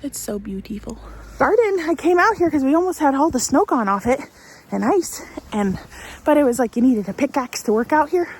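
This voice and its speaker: A woman's voice: high-pitched, animated, fairly quick, darkish tone. Chatty homesteading woman with a cold. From Central Oregon. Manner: chatty, rambling, self-deprecating. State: has a cold, out of breath from trudging through snow. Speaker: homesteading vlogger. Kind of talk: casual vlog narration. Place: outdoors on a snowy homestead and greenhouse.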